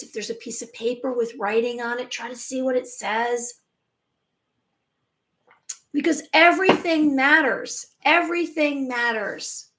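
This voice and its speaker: High-voiced woman hosting a live stream. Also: a bit bright. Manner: emphatic, chatty, restarts words. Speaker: spiritual channel host.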